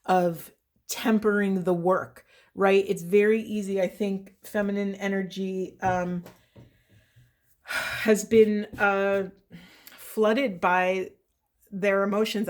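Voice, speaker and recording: A middle-aged woman giving an intuitive card reading as a spiritual coach, speaking softly and earnestly, with many pauses and fillers. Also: medium pitch, steady tone. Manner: soft, earnest and meandering, with many fillers and "right?". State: voice shaking with emotion.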